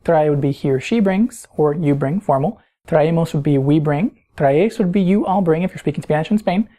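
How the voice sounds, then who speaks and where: Woman teacher, low mellow voice, patient explainer who quizzes the listener. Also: normal speed. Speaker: Spanish teacher. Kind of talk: recorded grammar lesson.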